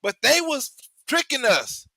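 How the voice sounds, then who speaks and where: A male host giving rambling, profane political commentary in an animated way, cursing heavily. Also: very high-pitched, unhurried, vocal fry, no room sound.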